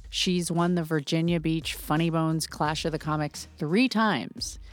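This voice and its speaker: A woman host reading a scripted introduction in a measured, announcing way. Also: deep voice, steady tone, soft background music. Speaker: podcast host.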